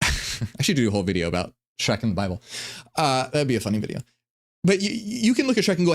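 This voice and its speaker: A man hosting a casual reaction commentary, talking in an animated, profane way and often restarting his sentences. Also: medium pitch, fast, long pauses. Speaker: commentary host.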